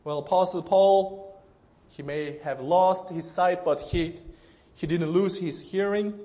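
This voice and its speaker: A man's voice: high voice, steady tone, slow, mellow. A male pastor preaching an earnest, emphatic sermon to a congregation, often restarting his phrases.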